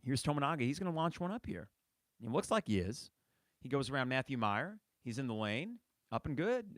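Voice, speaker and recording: Impassioned man ranting, swooping pitch. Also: very animated, moderate pace, a bit bright, no room sound. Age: 30s. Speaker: podcast host. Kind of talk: sports fan podcast commentary.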